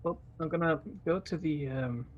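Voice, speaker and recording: A man's voice: fairly high pitch, moderate pace, highs cut off, a little hiss or hum. A man playing a tabletop game, describing his character's actions in a loose, filler-heavy way. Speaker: player. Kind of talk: casual tabletop game play.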